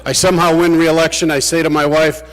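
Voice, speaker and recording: A man's voice: fairly high pitch, flat delivery, quick pace, a bit bright. A man giving a farewell speech to fellow legislators, telling anecdotes with dry humor. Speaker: state legislator. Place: large legislative chamber. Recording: long reverb of a big chamber.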